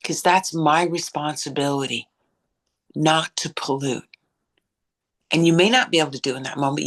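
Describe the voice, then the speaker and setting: A woman co-hosting a reflective conversation, speaking in a thoughtful, measured way. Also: sits low. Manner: thoughtful, measured, spiritual vocabulary. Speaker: co-host.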